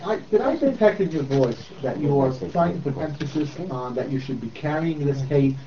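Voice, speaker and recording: A hesitant student, a man, asks the teacher a question from across the room. His voice is mellow and sounds distant on a dull, slightly noisy recording. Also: fairly high pitch, expressive, normal speed.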